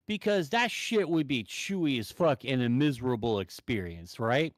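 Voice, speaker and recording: High-voiced man ranting a story. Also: normal speed, few pauses, dry recording, low-quality recording. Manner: animated, swears constantly, heated. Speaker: caller telling a story. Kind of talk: profane storytelling.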